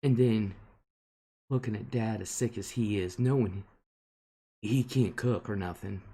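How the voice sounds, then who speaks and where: A man's voice: lowish voice, a little slow, mellow, breathy edge. A man hosting a casual live stream, answering viewer comments and rambling on with indignation. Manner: rambling and indignant, with frequent fillers. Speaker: host reading viewer comments.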